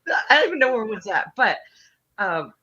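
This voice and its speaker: A man's voice: sits high, sing-song, a little fast, bright, forceful tone. A man on a chat panel, asking questions in a skeptical way. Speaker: panel guest. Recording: dull lo-fi audio with faint noise.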